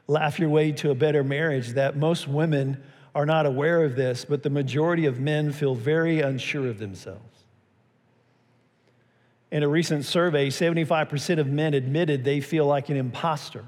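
A man's voice: fairly high pitch, darkish tone, in a large hall. A man preaching a sermon as pastor, telling a story and acting out its quotes with a raised voice.

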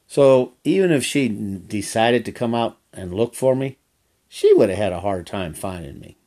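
A man's voice: on the low side, lively intonation, moderate pace, dark tone. An older man who works as a horseback trail guide, telling a story in a folksy, rambling way and repeating phrases. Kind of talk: casual storytelling.

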